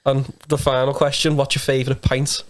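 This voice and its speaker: A man's voice: mid-range voice, flat delivery, fairly quick. A man hosting a podcast, asking casual, eager questions. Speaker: podcast host.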